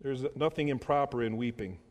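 A man preaching a sermon, emphatic, repeating phrases and slowing down to stress key words. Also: mid-range voice. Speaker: pastor. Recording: long hall reverb.

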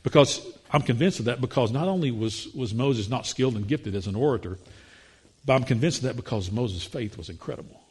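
A man preaching a sermon, acting out voices in the quotes, his pitch rising when he gets excited. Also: a little fast, husky.

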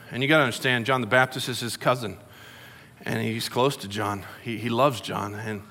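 A man's voice: medium pitch, sharp tone. A middle-aged man preaching a sermon in a conversational, storytelling way, acting out quotes. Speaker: pastor. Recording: long hall reverb.

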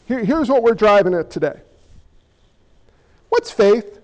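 A man's voice: sits high, sing-song, measured pace, dull audio. A man preaching a sermon as pastor, talking conversationally and playfully while questioning his congregation.

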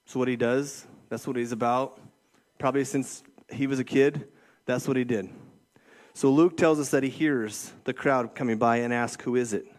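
A man's voice: medium pitch, fairly even intonation, normal speed. A middle-aged man preaching a casual sermon as a youth ministry director, checking in with listeners with frequent "okay?" and "right?". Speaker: youth pastor.

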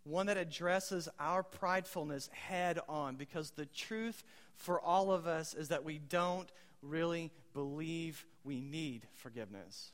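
A pastor with a distinctly high voice gives a laid-back sermon, speaking a little slowly with hardly any pauses. He quizzes the congregation and slips in quoted one-liners, his words echoing long through a big church hall.

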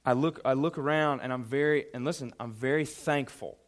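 A man preaching a sermon, emphatic and animated, speaking directly to a young congregation. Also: mid-range voice, a little fast. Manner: addresses a youth audience directly. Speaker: pastor.

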